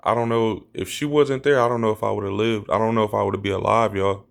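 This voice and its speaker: Man, low-ish voice, casual storyteller who keeps swearing it's true and jumps high to act out quotes. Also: fairly quick, creaky. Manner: animated, acts out quotes in a raised voice; repeats himself, insists it is true.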